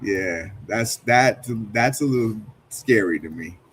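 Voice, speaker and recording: A man chatting casually on a live stream, laid-back and quick to laugh at himself. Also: on the low side, animated, a bit bright, a little hiss or hum. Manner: laid-back, laughs easily, self-deprecating.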